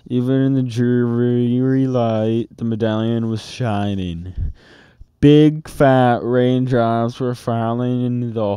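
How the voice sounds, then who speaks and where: A man reading a children's book aloud in a steady, expressive storytelling manner, close to the mic. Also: medium pitch, clean tone, no echo. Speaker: storybook reader.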